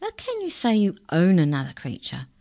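A woman voicing a suspicious, officious giant white rat officer with a gravelly, demanding voice. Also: lowish voice, wildly swooping pitch, normal speed, dark tone, no echo, voice pushed up, full character voice. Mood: stern. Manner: stern, demanding, incredulous.

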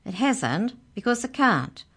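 Storybook girl, bossy and pushy, raised pitch, read by a woman. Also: very animated, measured pace, a bit bright, husky, full character voice. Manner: pushy, scornful. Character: bossy bold young girl, scheming.

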